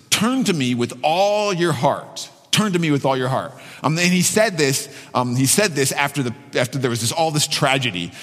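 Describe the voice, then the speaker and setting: A man's voice: medium pitch, long reverb tail. A male pastor preaching a sermon in a conversational way, repeating phrases and restarting sentences.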